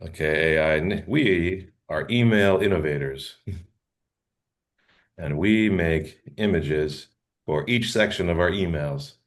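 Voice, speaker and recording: A man's voice: sits low, slow. A man co-hosting a comedy podcast, reading a draft email aloud in casual chat and laughing often between lines. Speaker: podcast co-host.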